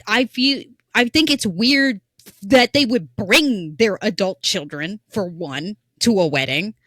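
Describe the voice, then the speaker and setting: A woman's voice: mid-range voice, expressive, slow, fairly bright tone, dry recording, clean studio sound. A woman co-hosting a podcast, telling stories in loose, casual chat and laughing often. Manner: chatty, laughing storyteller.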